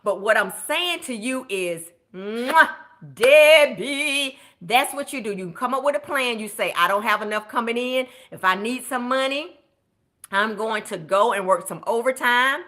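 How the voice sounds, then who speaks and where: Woman, budget coach, clear bright tone, chatty live stream, encouraging. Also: fairly high pitch, lively intonation, normal speed. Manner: chatty, encouraging, cheers viewers on by name. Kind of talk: live-stream coaching, reading viewer comments.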